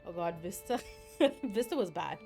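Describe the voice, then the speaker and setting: A young woman streaming a game live, chatting freely with her viewers and reading their messages aloud. She is expressive, often exclaiming and laughing. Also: medium pitch, normal speed, vocal fry. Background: game music.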